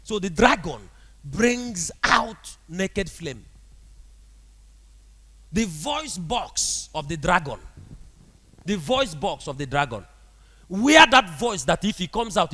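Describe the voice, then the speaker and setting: Animated male preacher in echoing hall. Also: fairly high pitch. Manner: animated preaching with frequent rhetorical questions to the congregation. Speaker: prophet preaching. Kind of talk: sermon.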